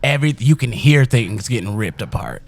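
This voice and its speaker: A man's voice: mid-range voice, normal speed, gravelly, no echo. Profane laughing young guy telling stories. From Chicago. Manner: profane, laughing, animated storyteller. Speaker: podcast guest. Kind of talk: casual storytelling.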